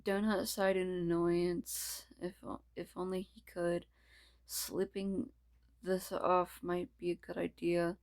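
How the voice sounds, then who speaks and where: A woman casually reads a fan story aloud in a lowish voice at a slow pace. She trips over words and restarts lines often. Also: flat delivery, darkish tone. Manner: stumbling, restarting, laughing asides. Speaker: reader. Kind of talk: reading fan fiction aloud.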